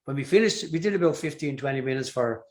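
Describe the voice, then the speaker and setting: A fast, expressive, slightly mellow mid-range voice belongs to an older Irish singer from Ireland. During a relaxed interview, he spins rambling tales with plenty of fillers and restarts.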